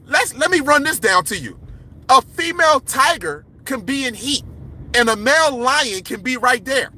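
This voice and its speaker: A man with a very high, bright, forceful voice hosting a livestream. He talks in a heated, confrontational rant, preaching at his viewers and often breaking into a yell. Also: expressive, moderate pace. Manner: impassioned, yelling, confrontational, preachy. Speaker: livestream host.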